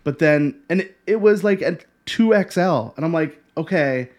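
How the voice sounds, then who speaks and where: A man co-hosts a relaxed podcast chat, his voice pitched a little high for a man. He jokes, laughs a lot, and speaks in halting bits. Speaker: podcast co-host. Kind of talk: casual chat.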